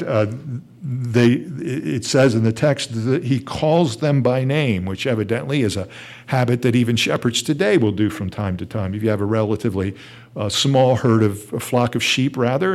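A man preaching a sermon, explaining Bible verses with a teaching tone and some restarts. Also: mid-range voice. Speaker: pastor.

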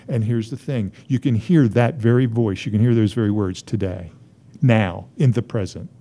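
A man's voice: lowish voice, moderate pace, dark tone. A man preaching a sermon as a pastor, driving his points home through emphatic, rising repetition.

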